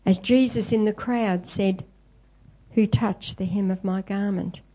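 Mellow-voiced woman preaching a sermon. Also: medium pitch, fairly even intonation, unhurried, low-quality recording. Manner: storytelling, quoting scripture with lifted voice.

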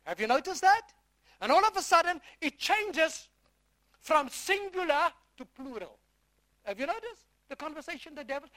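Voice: sits high, very animated, fairly bright tone. A preacher giving a sermon from the Bible, often repeating phrases and quizzing the listeners with questions. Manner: emphatic, stretching key words slowly.

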